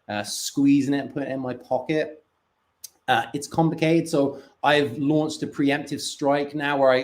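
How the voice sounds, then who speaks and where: A man doing a stand-up comedy set with a deadpan delivery, breaking into lively quoted asides. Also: mid-range voice.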